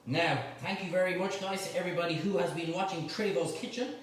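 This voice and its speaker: A middle-aged Irish man hosts a cooking show, keeping up a stream of chatty, teasing banter as he cooks. His voice sits a touch high for a man. It rings around a very echoey kitchen, picked up from some distance off the mic over faint background noise. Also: steady tone, fast. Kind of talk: live cooking demonstration. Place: home kitchen.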